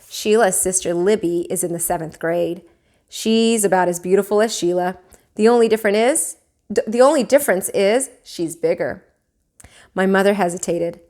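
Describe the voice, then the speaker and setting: A woman teacher reading a children's book aloud, with expressive, animated storytelling. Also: medium pitch, normal speed.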